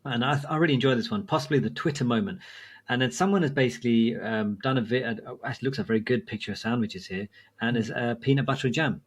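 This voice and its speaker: Guy on a podcast, husky voice, talks fast and rambles, lots of restarts. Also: medium pitch. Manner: rambling anecdotes, many restarts, laughs at own stories. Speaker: podcast co-host, medic. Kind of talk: casual chat.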